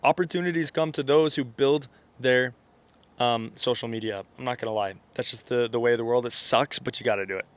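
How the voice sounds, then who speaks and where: A man's voice: medium pitch, brisk. A man with stuffy sinuses giving a casual motivational vlog monologue, rambling with lots of fillers and self-corrections and checking in with "okay?" and "right?". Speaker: self-improvement content creator.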